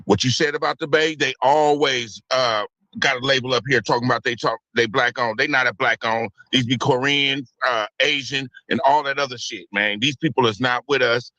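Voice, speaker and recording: A man's voice: mid-range voice, fairly even intonation, normal speed, bright, forceful tone, no echo. A man calling in to a talk show, speaking fervently and repeating his rallying phrases. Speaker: caller. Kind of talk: casual call-in chat.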